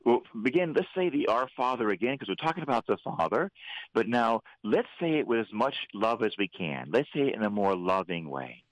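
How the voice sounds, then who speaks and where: A priest hosting a Catholic radio show, preaching fervently and leading prayer. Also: male voice, on the low side, fairly quick, no room sound, low-quality recording. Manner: fervent, preacherly, animated when voicing God. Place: radio studio.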